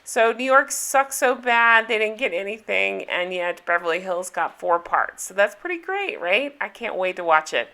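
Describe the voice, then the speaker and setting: A middle-aged woman chats through her reality TV recap in a bright, forceful voice at an ordinary pitch. She talks like she is gossiping with friends, laying on the sarcasm and breaking into laughs. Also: expressive, moderate pace, hardly any pauses. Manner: chatty and sarcastic, with frequent laughs. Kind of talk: casual chat.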